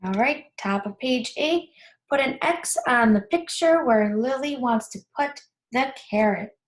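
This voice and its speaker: A woman teacher walking children through a workbook lesson, patiently repeating the key words slowly. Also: a little high. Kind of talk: guiding a class through a workbook.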